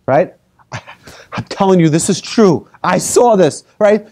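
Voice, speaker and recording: Animated rabbi lecturing with lively pitch. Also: male voice, unhurried, pauses often. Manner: animated, asks the audience questions, tells hypothetical stories. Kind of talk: lively lecture to a live audience.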